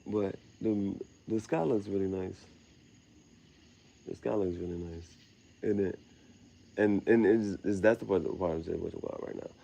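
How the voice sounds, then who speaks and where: A young man talks to himself outdoors on a quiet night, drifting from thought to thought in loose slang. His voice sits low with a gravelly rasp, and now and then he chuckles at his own phrasing. Crickets chirp softly behind him. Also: moderate pace, pauses often. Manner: meandering, slangy, laughs at himself. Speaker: vlogger. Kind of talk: rambling late-night monologue.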